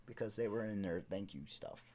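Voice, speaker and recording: A man's voice: lowish voice, a little fast, warm tone. A man co-hosting a casual podcast, crude and joking, acting out voices in his stories. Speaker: podcast co-host. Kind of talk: casual chat.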